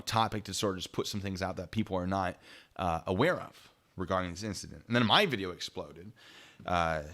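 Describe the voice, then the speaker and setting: A man's voice: deep voice, a bit bright. A man hosting his own channel, telling a story casually to his live chat, rambling with frequent laughs and restarts. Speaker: YouTube channel host.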